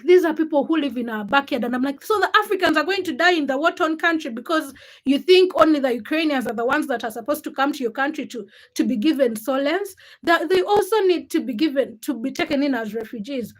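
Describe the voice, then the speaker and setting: Greeting viewers from the chat, a high-pitched young woman in her twenties shares her opinions on a casual livestream. Her manner is outspoken and animated, and she thinks aloud, restarting as she goes.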